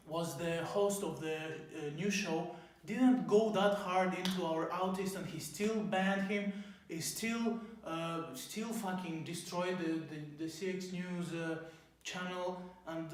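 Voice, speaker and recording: A man hosting a parody news show, ranting in a rambling, profane way with many fillers. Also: high voice. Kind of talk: mock news commentary. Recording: very echoey room.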